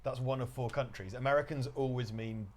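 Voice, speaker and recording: Jokey livestream host. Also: male voice, medium pitch, fairly even intonation, fairly quick, slight background noise. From England. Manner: jokey, reads questions aloud. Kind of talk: casual livestream chat, reading viewer comments.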